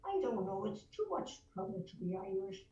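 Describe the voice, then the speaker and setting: A woman's voice: mid-range voice, very animated, moderate pace, warm tone, dull audio, close to an everyday voice. An older woman voicing a jovial middle-aged Irish pub drinker with a broad stage brogue. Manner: jovial, boastful banter. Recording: roomy distant mic, faint noise.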